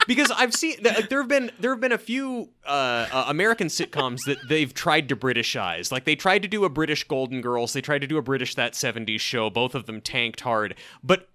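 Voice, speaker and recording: A man's voice: medium pitch, sharp tone. A man co-hosting a podcast, riffing animatedly and swearing casually in loose conversation. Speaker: podcast co-host. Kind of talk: casual chat.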